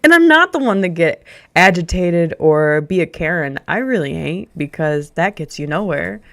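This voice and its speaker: A young woman streamer chatting casually with her live audience. Her voice sits a little low, and she rants her way through a story with frequent laughs. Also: expressive, moderate pace, fairly bright tone. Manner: ranting storyteller, laughs often.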